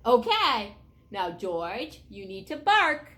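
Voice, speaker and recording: Playfully reading a picture book to young viewers and quizzing them along the way, this woman storyteller speaks in a high, bright, forceful voice. She's animated and goes a little slowly.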